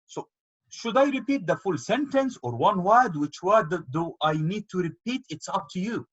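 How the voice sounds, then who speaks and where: A man's voice: sits high, lively intonation, moderate pace, a bit bright, breathy edge. A man teaching an online grammar lesson, patiently explaining with repeated examples. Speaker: Arabic teacher. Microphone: video call. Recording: dull lo-fi call audio.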